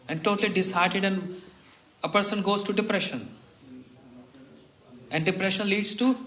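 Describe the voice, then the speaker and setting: A man giving a sermon at a retreat, telling a story in a slow, measured way and voicing its dialogue quietly. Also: high-pitched, echoey room, rough recording. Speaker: spiritual teacher. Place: retreat hall.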